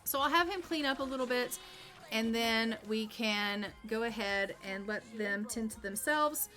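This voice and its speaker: A woman's voice: on the high side, measured pace, pushed and bright, soft background music. A woman streamer narrating a life-simulation game casually, chatty with many fillers.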